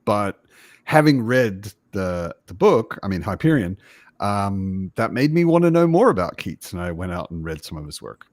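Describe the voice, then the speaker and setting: In a darkish, lowish voice with big pitch swings, the Berlin-based host chats about books on a casual livestream over a video call, at a moderate pace. He rambles and self-corrects throughout, recorded in clean studio sound with no echo.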